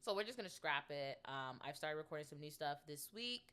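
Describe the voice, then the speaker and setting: A woman's voice: low voice, expressive, fairly quick, fairly bright tone, clear, resonant tone. A woman in her twenties hosting a podcast, chatting casually and rambling with many ums. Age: 20s. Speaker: podcast host. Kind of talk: casual solo podcast chat.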